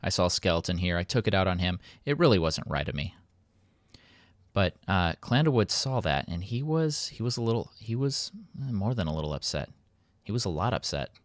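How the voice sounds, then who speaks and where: Low-voiced male game host, chatty and self-mocking, dry close sound. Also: big pitch swings, a little fast, no room sound. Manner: rambling, self-mocking, playful. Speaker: let's play host. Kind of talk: casual gameplay commentary.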